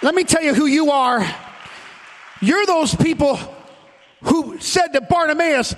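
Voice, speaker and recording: A male pastor delivers a sermon in a church sanctuary, his voice sitting very high for a man. He swings from ringing, shouted climaxes to low, confiding asides, and a long hall reverb trails each phrase. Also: a little slow, pauses often.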